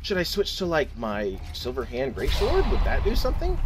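A man's voice: mid-range voice, huge pitch swings, moderate pace, background noise. A young man giving let's play commentary, frantic and exclaiming as he talks to himself and the game. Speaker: gaming channel host.

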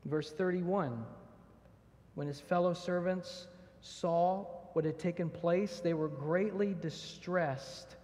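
This man's voice sits high and is a little mellow, and he preaches slowly. As pastor, he works through a sermon verse by verse, earnestly reading scripture and asking rhetorical questions. The sound carries long church reverb.

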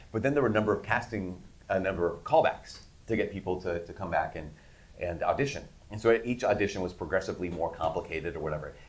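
Low-voiced man telling lively stories. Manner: animated, laughing anecdotes. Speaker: interview guest. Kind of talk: casual storytelling.

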